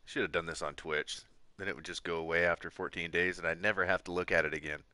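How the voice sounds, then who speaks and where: A man's voice: low voice, steady tone, fast talker, pushed and bright, clear, resonant tone, no room sound. A man chatting casually while live-streaming a fishing game, joking and laughing often. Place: home room.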